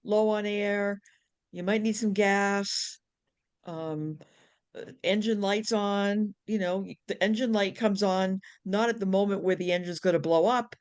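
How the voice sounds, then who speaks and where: A woman nurse chatting on a video call with friends, animated, acting out inner voices, with many restarts and casual swearing. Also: mid-range voice, measured pace, clean tone. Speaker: nurse, book club member.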